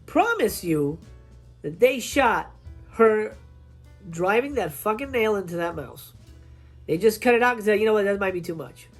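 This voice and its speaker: A woman film reviewer tearing into a bad movie in a loose, profanity-laced rant. Her voice sits at an ordinary middle pitch, and she slips into quick put-on voices to act out scenes. Faint music plays behind her. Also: breathy edge. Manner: animated, swears a lot, acts out scenes in quoted voices.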